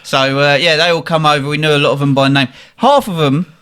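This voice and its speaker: Lively man telling stories. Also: a little high, a little fast, clean tone. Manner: animated, acts out quotes in voices. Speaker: podcast host. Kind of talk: casual storytelling chat.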